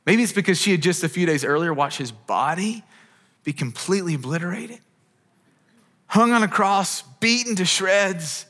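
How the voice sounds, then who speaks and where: Speaking at a moderate pace, a pastor in his thirties has a high-pitched, slightly bright voice with lively intonation. He preaches earnestly and conversationally in a church auditorium with long hall reverb, often restarting his sentences.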